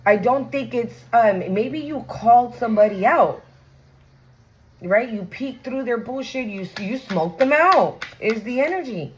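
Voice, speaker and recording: A woman's voice: on the high side, lively intonation, unhurried, slight background noise, poor audio. A woman giving a casual tarot reading to her viewers, chatty and blunt, swearing freely and talking in slang. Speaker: tarot reader.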